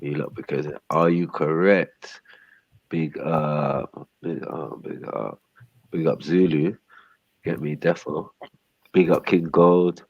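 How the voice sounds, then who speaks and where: A man's voice: very deep voice, fairly even intonation, slow pace, darkish tone, no echo, lo-fi sound. A man hosting a livestream, talking in a laid-back, slangy drawl. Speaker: livestream host. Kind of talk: casual chat.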